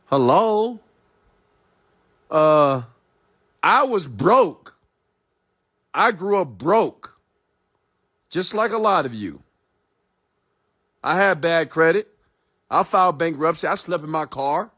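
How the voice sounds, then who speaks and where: Confrontational entrepreneur, higher-pitched man, profane, tough-love mentor rant. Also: animated, slow pace, pauses often, fairly bright tone. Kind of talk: late-night motivational rant.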